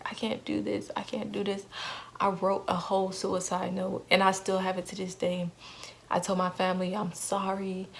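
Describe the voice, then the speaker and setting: A woman's voice: lowish voice, creaky, a little hiss or hum. A young woman vlogger telling a painful personal story in an earnest way, repeating phrases for emphasis.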